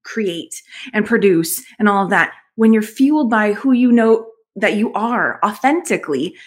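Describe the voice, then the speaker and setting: A woman's voice: medium pitch, expressive, moderate pace. A woman hosting a casual live-stream interview, upbeat and encouraging, greeting viewers. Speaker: host of a live show.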